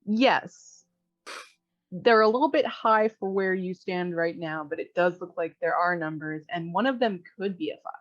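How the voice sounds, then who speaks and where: A woman's voice: lowish voice, moderate pace, no room sound. Woman game master on a dull dry mic. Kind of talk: narrating a tabletop game.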